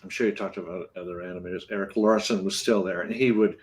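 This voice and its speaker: A man's voice: sits low, steady tone, fast talker, breathy edge. A man, a former animator, talking casually in an interview and rambling with restarts. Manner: rambling, many restarts and fillers.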